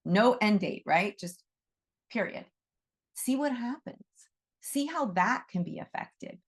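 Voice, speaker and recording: A woman's voice: mid-range voice, lively intonation, unhurried. A middle-aged woman giving a casual teaching talk to a class on animal Reiki. She is conversational and often checks in with "right?".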